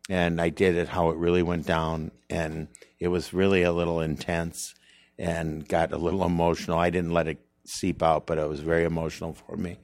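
Comedian guest, very low gravelly voice, reflective and candid. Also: male voice, flat delivery, moderate pace, a little mellow, dry recording. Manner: earnest, reflective, rambling with restarts. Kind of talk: candid interview conversation.

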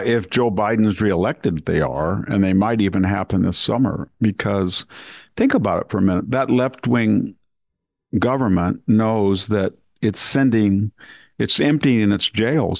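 A man giving measured, deliberate commentary as a podcast host. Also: lowish voice, vocal fry, a little mellow, no echo, studio quality. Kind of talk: conversational commentary.

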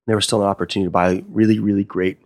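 Gravelly low-voiced man telling stories. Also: racing, no room sound. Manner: animated, acts out quoted dialogue. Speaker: sommelier and wine consultant. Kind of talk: casual interview storytelling.

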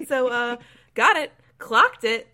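A woman co-hosting a casual film podcast, her voice swinging widely in pitch as she talks. She sounds bright and animated, swears freely and laughs often. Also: slow pace. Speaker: podcast co-host.

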